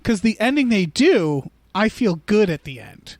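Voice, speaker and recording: A man with a notably high speaking voice talks loosely through a movie, stumbling into restarts and slipping into mock voices for quotes. The sound is dry and close, with no room around it. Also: very animated, unhurried, a little mellow, no room sound. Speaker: podcast co-host. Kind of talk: casual movie discussion.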